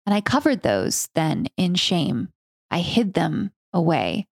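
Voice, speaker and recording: Woman host, intimate spoken-word storyteller, slow and deliberate, dry close mic, earnest with casual swearing. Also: lowish voice, sing-song, vocal fry, dry recording.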